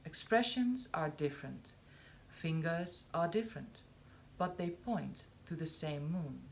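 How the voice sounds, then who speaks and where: A woman reading a spiritual discourse aloud, slow and measured, with long pauses between phrases. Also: deep voice, expressive, creaky, a little hiss or hum. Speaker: reader of spiritual texts.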